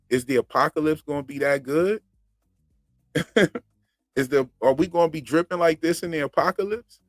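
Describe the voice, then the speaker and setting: A man's voice: on the high side, normal speed, pauses often, no echo, clean studio sound, faint music behind. A man hosting a casual commentary channel, joking in slang and laughing often. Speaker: channel host reacting to a TV show.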